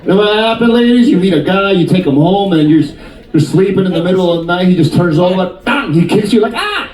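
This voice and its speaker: A male stand-up comedian from Queens doing crowd work and animated storytelling on a cruise ship stage. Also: high voice. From Queens, New York. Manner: animated storyteller, quick shifts into character voices. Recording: echoey room, mic at a distance.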